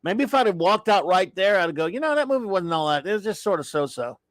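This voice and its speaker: A man's voice: sits high, very animated, fast talker, no echo. Exasperated rambling man, dry sound. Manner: exasperated, rambling, with sighs and restarts. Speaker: show host. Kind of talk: casual live-stream rant.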